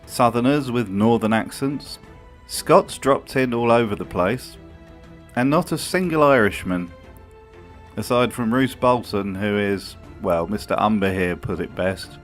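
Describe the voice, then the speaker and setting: A man's voice: mid-range voice, lively intonation, a little slow, faint music behind. A man narrating a comedic video essay with a wry, mocking tone and dry asides. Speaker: video commentator.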